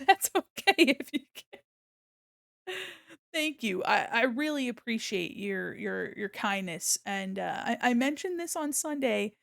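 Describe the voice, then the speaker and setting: A young adult woman hosting a charity live stream, gushing and excitable, often laughing as she thanks donors. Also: a little high, a little slow, gravelly. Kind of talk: casual live-stream chat.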